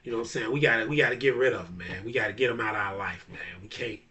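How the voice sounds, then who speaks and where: A Chicago-area barber and DJ hosts a casual talk video monologue, blunt and profane, laughing often and repeating "you know what I'm saying." His voice is on the low side, very fast, pushed and bright, and recorded from a distance.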